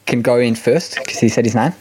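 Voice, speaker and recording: Jokey Australian podcast quiz host. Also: male voice, mid-range voice, a little fast, a little mellow, breathy edge. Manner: jokey, rambling with many ums. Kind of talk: casual podcast chat.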